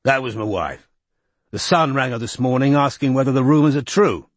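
A man voicing a gruff, bad-tempered older male politician who barks and growls curt remarks. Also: medium pitch, normal speed, no echo, lightly acted.

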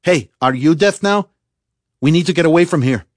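A man's voice: medium pitch, normal speed, slightly rough, no room sound, studio quality, natural voice. A man voicing a guilt-ridden Russian male saboteur, tense and self-reproaching. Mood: urgent.

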